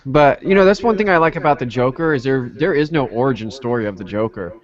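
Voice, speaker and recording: A man's voice: mid-range voice, expressive, quick pace, muffled recording. A man co-hosting a casual podcast chat, laid-back and hesitant, with many fillers. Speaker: podcast co-host.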